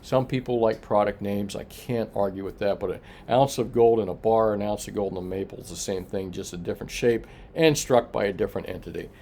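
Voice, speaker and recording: A man's voice: lowish voice, brisk, creaky, few pauses, warm tone, a little hiss or hum. A man hosting a casual evening price report from his coin shop, chatting loosely with lots of filler and answering viewer comments. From Florida. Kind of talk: casual evening livestream chat.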